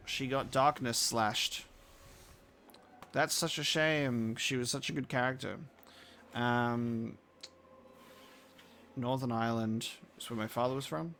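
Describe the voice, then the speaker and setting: A man's voice: medium pitch, vocal fry, fairly bright tone, a little hiss or hum. A man with a blend of Australian and British accent, chatting casually while live-streaming a game and reacting to chat. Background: faint game music.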